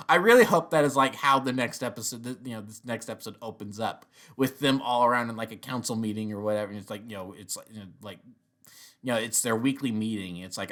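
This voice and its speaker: A man's voice: on the low side, fast talker, fairly bright tone. A man giving a casual spoken review, rambling with many restarts and chuckling often. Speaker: TV episode reviewer.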